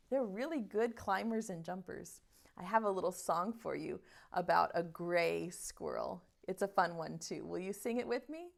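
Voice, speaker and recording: A woman's voice: medium pitch, vocal fry, a bit bright. A woman preschool teacher leading an online circle time, reading a picture book aloud and asking the children questions. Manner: slow, sing-song storytelling voice that asks children questions.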